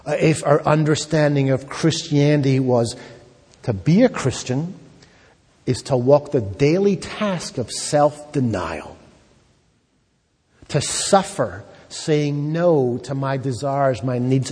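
A man's voice: mid-range voice, takes it slowly, a little mellow, slightly rough. A man preaching a sermon as a pastor, building emphasis through repeated phrases. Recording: long hall reverb.

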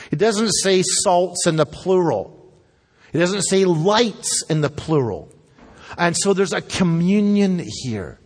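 A man preaching a sermon as pastor, emphatic and repeating his key lines for stress. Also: mid-range voice. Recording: long hall reverb.

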